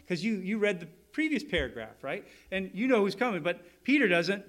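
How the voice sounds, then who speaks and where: A man's voice: high voice, fairly bright tone. A man preaching a sermon, teaching step by step and checking in with his listeners. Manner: restarts often, asks "right?" to the listeners, explains step by step. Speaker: pastor.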